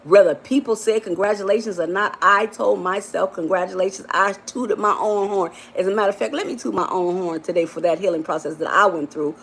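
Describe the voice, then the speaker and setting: A woman's voice: steady tone, fairly quick, few pauses, background noise. A woman life coach giving a motivational live-stream talk, affectionate and emphatic, often repeating herself and calling her listeners baby and honey. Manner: emphatic and repetitive, rising to high exclamations.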